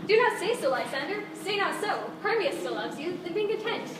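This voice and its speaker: A woman plays a lovesick young woman pleading in verse, her voice high. She sounds far from the mic in an echoey space, with audience ambience behind. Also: big pitch swings, brisk, background noise. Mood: hurt. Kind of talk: outdoor stage acting. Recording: distant echoey stage recording with ambience.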